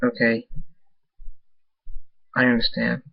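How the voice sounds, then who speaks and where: A man's voice: medium pitch, completely flat delivery, takes it slowly, gravelly, husky, no room sound, dull audio, heavily acted. A man doing a tearful, devoted stallion pony.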